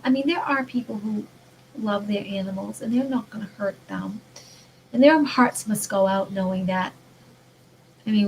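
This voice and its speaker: A woman's voice: mid-range voice, vocal fry, a little mellow, slight background noise, rough recording. A woman talking in an earnest, rambling way about mindful living, often restarting her sentences. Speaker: vlogger. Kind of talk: casual spiritual monologue.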